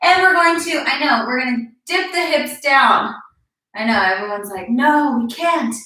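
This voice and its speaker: Leading a live-streamed yoga session, this young fitness instructor encourages her class and cues every move while working out, slightly breathless. She speaks at normal speed with a high, bright, forceful voice and lively intonation. The audio is echoey, picked up by a distant mic.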